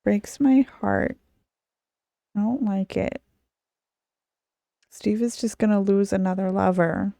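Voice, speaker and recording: A woman co-hosts a relaxed podcast, talking unhurriedly in a mellow, smooth voice. She is chatty and laughs often, and the sound is close and dry. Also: mid-range voice, slow pace, pauses often, no room sound. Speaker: podcast host. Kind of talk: casual podcast chat.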